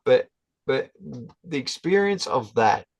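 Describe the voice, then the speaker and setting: A man, a guest telling a story in a halting, casual way with many restarts. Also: medium pitch, sing-song, dry recording, rough recording.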